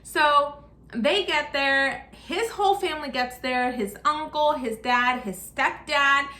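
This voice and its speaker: Chatty young woman, bright and echoey. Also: sits high, takes it slowly. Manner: chatty, acts out quoted dialogue in her retelling. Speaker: vlogger. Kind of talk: casual storytelling vlog. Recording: echoey room.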